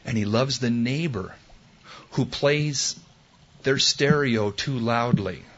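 A man preaching a sermon, swinging from loud exclamations to hushed, tender quoted words. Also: medium pitch, slow pace. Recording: dull lo-fi recording.

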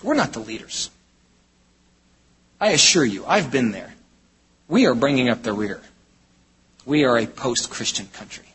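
A man preaching a sermon from the United States, in an emphatic style that swings between loud exclamations and low, intense statements. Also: lively intonation, a little slow, long pauses, breathy edge. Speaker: pastor. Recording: hall reverb.

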